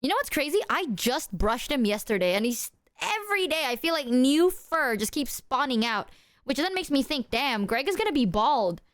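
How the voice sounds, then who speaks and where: A young woman livestreaming casual chat, animated and giggly, talking to her cat at her desk mic. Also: sits high, moderate pace, dry recording, studio quality. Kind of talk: casual live-stream chat.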